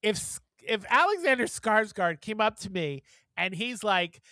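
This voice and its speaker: A man co-hosting a podcast, chatting casually in a blunt, profane, animated way. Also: sits high, moderate pace, dry recording. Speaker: podcast co-host. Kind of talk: casual chat.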